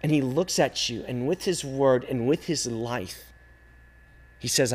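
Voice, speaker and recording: A man preaching a sermon to a youth group, emphatic and repetitive, with dramatic pauses. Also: medium pitch, lively intonation. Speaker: youth pastor.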